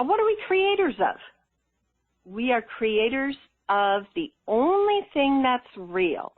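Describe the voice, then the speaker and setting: A woman's voice: on the high side, dry recording. Woman on a tinny phone line. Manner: laughs often, lively and earnest. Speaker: interview guest, spiritual coach. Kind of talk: conversational storytelling.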